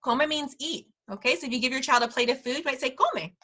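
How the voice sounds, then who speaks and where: Bright-voiced woman teaching Spanish phrases. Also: sits high, steady tone. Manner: laughs often, repeats phrases slowly for learners. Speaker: preschool director teaching a parent Spanish class. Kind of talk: friendly language lesson.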